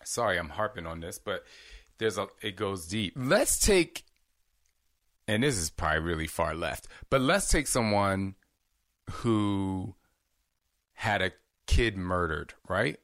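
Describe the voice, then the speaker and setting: Low-voiced guy rambling through fan questions, candid and chatty, dry close mic. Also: expressive, takes it slowly, pauses often, fairly bright tone, no echo. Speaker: fitness host answering viewer questions. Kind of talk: casual Q&A vlog.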